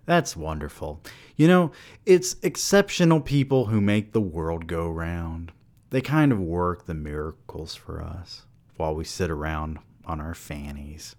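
A man's voice: low voice, expressive, a little slow, darkish tone. A man voicing a skeptical male bar patron who talks in a dry, doubting way. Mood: wry.

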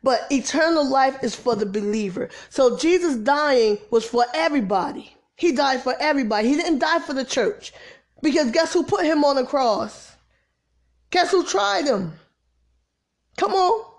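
Impassioned woman preaching, slightly high voice. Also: expressive, normal speed. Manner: preachy, rising to exasperated emphasis, drops to soft near-whispers. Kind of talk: impassioned informal sermon.

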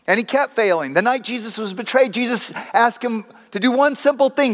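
Man, sermon, storytelling preacher, high voice, long echoing hall. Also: brisk, hardly any pauses. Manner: storytelling preacher acting out voices, wry asides. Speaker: pastor.

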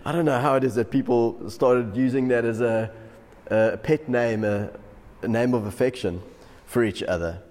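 This South African pastor gives a devotional sermon in a mid-range voice at a measured pace, often chuckling through his stories. The recording carries a long hall reverb.

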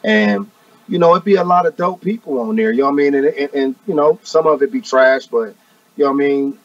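A man in his forties, a rapper being interviewed, talking in a relaxed, casual way and often adding "you know what I mean.". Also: on the high side, a little fast, no room sound, recorded from a distance. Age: 40s. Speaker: rapper guest. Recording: dry, muffled audio from off-mic.

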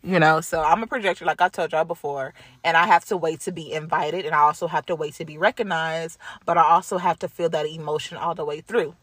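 A woman's voice: low-pitched, steady tone, brisk, few pauses, a bit bright, breathy edge, no room sound. A woman hosting her own podcast, telling a travel story in a chatty, slangy way, swearing and laughing often. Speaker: podcast host. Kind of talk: casual spoken travel update.

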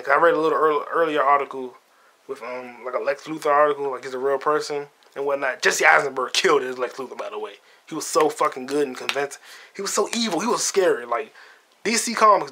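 A man's voice: medium pitch, sharp tone. A man hosting a podcast, retelling a film in a rambling, profane, slang-heavy casual chat. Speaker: podcast host. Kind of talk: casual movie review chat.

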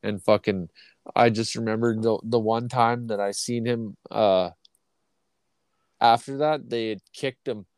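A man's voice: on the low side, fairly even intonation, a little slow, darkish tone, no echo. A man from Canada telling long, rambling, profane stories in a casual podcast chat. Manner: profane, rambling anecdotes with acted quotes. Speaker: podcast co-host.

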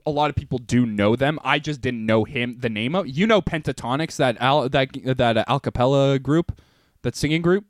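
A man's voice: medium pitch, normal speed, dry recording, studio quality. A young man co-hosting a podcast in casual, jokey banter, swearing freely and slipping into silly voices. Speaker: podcast co-host.

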